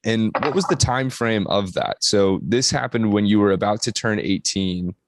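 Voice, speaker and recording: A male podcast host keeps his part short, slipping in quick questions and small nods of encouragement. His voice sits low, and the sound is dry and close. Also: dry recording. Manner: brief, encouraging interjections. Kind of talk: interviewer prompts.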